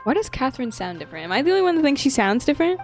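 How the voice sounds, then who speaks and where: Brief: giggly woman streamer, very animated pitch, teasing casual commentary, faint game music behind. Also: very fast.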